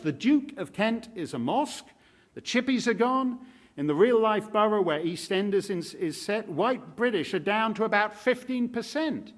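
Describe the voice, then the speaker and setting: A man giving a public lecture at a live event, speaking with wry, sardonic humor. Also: high voice.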